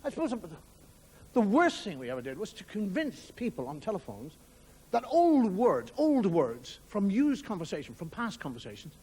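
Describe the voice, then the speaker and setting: A man's voice: high voice, wildly swooping pitch, normal speed, mellow, slightly rough. Irish man, wry stand-up storyteller. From Ireland. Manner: wry storytelling with acted-out voices. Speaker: comedian. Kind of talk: stand-up monologue. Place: television studio with audience. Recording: 1990 TV broadcast with audience noise. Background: audience laughter.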